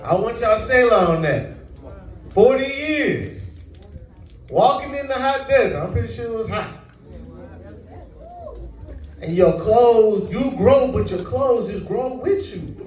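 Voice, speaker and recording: A Bible teacher with a very high-pitched, slightly mellow voice speaks animatedly at normal speed, quizzing his congregation to supply scripture words. It's call-and-response sermon teaching in a meeting room, recorded with a far-off mic amid echo.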